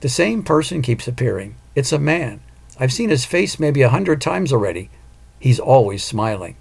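A man voicing a calm, cunning female psychic who talks patiently and persuasively, in an audiobook. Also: medium pitch, normal speed, creaky. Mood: probing.

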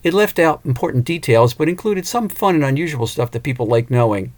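Expressive male audiobook narrator. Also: a little high, brisk. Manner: expressive, with occasional small restarts.

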